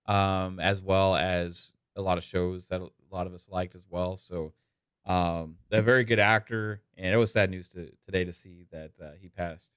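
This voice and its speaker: A man's voice: low-pitched, fairly even intonation, normal speed, fairly bright tone, smooth, no room sound, clean studio sound. A man from Texas hosting a gaming podcast in a laid-back, casual way, with many fillers. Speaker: podcast host. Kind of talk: casual chat.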